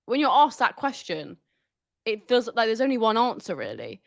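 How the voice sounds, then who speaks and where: A woman's voice: on the high side, normal speed, gravelly, dry recording. Young woman chatting about football, dry studio sound, easygoing. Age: young adult. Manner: relaxed and chatty, with many fillers. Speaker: co-host or guest. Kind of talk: casual chat.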